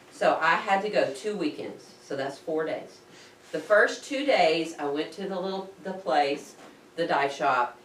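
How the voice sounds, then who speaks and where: A woman casually telling a personal story to camera, animated and acting out her own gasps of panic. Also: sits low, far from the mic, slight background noise. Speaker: diving vlogger recounting her scuba course. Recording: roomy echo, speaker set back from the mic.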